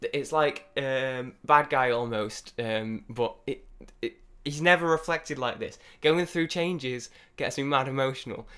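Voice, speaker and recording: Give me a young man reviewing an album off the cuff, rambling and excitable. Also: mid-range voice, a little slow, hardly any pauses, clear, resonant tone. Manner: rambling, excitable, lots of restarts and swearing. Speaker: music reviewer. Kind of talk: off-the-cuff album first impressions.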